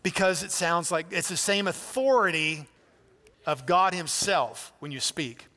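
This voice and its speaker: A man's voice: high-pitched, measured pace, pushed and bright, long reverb tail. A man pastor preaching a sermon in a church, in a conversational, emphatic way with direct appeals to listeners. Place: church sanctuary.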